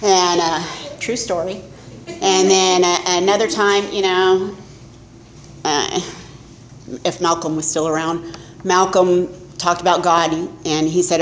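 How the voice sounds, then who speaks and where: At a recovery meeting, a middle-aged woman gives a candid personal testimony, poking fun at herself as she goes. Her slightly low voice holds a steady tone at a measured pace, in an echoey room with a faint ambient hum.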